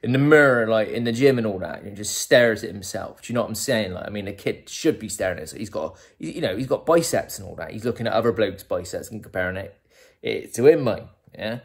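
A man's voice: on the low side, animated, brisk, creaky. Rambling man with a broad Bristol accent. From Bristol, England. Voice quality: broad, rambling, lots of fillers. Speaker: comic character monologist. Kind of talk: comic character monologue to camera.

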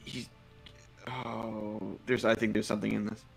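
A man playing a tabletop game speaks with urgency and a commanding tone. His voice has a gravelly edge. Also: lowish voice, little pitch movement, unhurried, soft background music, poor audio. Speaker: player.

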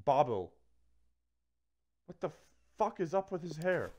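A man giving casual commentary while opening packs in a video game, swearing freely and swinging between flat grumbling and excited shouts. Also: fairly high pitch, unhurried. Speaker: gaming video creator.

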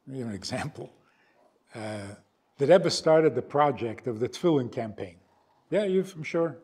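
Animated older rabbi telling a story. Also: male voice, medium pitch, normal speed, husky. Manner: animated storyteller, acts out both sides of dialogues. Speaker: rabbi lecturer. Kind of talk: storytelling lecture. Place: synagogue hall.

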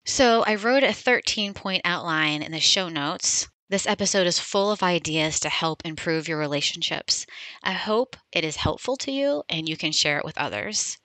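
A woman's voice: on the low side, expressive, moderate pace, sharp tone, no echo, poor audio. A woman hosting a podcast, talking candidly and personally about her own experience, with frequent ums. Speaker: podcast host. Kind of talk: reflective podcast intro monologue.

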